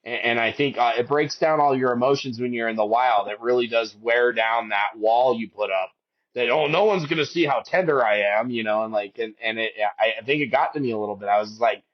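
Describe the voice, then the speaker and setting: A man's voice: brisk, muffled recording. A man of about fifty, a podcast guest, telling a hike story with emotion, rambling through many restarts. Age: 50s. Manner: rambling, with many restarts, and raises his voice high to quote his wife.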